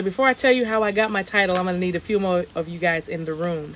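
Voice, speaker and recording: A woman's voice: on the low side, steady tone, fast, few pauses, a bit bright, slight background noise. Chatty woman giving a spiritual reading. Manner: chatty, repeats phrases, chants in light language. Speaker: spiritual reader. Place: outdoors on her deck.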